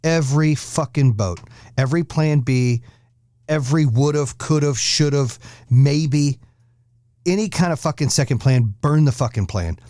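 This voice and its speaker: Foul-mouthed ranting podcast host, dry sound. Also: male voice, on the high side, measured pace, warm tone, no echo. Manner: blunt, aggressive, swears constantly. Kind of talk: profane ranting monologue.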